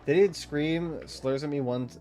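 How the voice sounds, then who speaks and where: A man's voice: fairly high pitch, unhurried, mellow, faint music behind. A young man streaming a game, chatting in a rambling, crude, giggly way. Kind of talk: casual chat while streaming a game.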